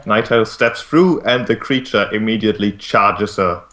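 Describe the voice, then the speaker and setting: A man narrates a tabletop game as its game master, in a low voice. He often restarts his sentences with repeated words. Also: moderate pace, fairly bright tone.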